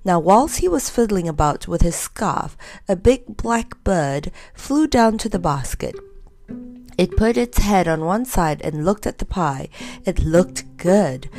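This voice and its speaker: A woman narrating a children's story in a gentle, measured reading. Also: medium pitch, creaky.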